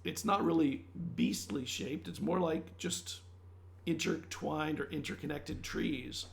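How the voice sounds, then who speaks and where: A man's voice: fairly high pitch, a little slow. A man narrating a tabletop game as game master, with loose, searching description and many restarts. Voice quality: gravelly. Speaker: dungeon master.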